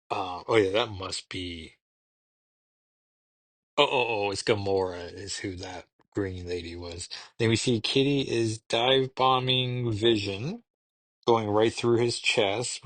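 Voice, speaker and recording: Male podcast host, lower register, dry booth sound; loose, chatty, thinks aloud. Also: no echo. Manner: rambling, thinking aloud with ums. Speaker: podcast host reviewing comics. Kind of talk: casual recap.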